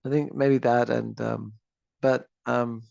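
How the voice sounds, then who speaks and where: A man's voice: medium pitch, little pitch movement, slow pace, creaky, a little mellow, dry recording, lo-fi sound. A man co-hosting a casual podcast, musing and thinking aloud. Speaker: podcast co-host. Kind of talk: casual chat.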